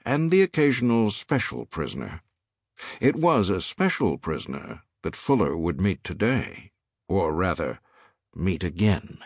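A man narrating an audiobook in a measured, expressive reading style. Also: low voice, dry recording, clean studio sound. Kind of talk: scripted narration.

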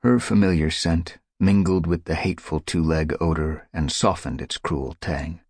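Guy narrating an audiobook, really deep and husky, dry close sound. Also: darkish tone, dry recording. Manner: dramatic, measured storytelling. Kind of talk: scripted narration.

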